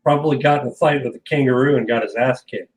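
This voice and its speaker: A man co-hosting a casual podcast chat, cracking dry jokes and tossing in quick questions. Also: mid-range voice, fairly even intonation, rough recording. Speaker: podcast co-host.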